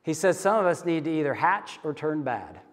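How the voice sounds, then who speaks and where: A man's voice: fairly high pitch, sing-song, moderate pace, big-room sound. A middle-aged man preaching a sermon as a pastor, in a conversational, candid storytelling manner.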